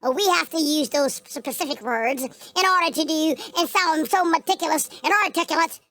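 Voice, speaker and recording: A woman's voice: high voice, normal speed, pushed and bright. A young woman with an African American English accent, hosting a reaction video and ranting bluntly with lots of swearing. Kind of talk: profane reaction rant.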